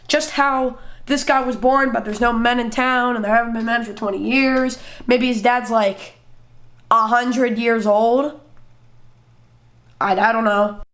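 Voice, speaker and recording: A woman's voice: fairly high pitch, a bit bright. A woman hosting a sarcastic reaction commentary, rambling and laughing at what she watches. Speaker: commentary host.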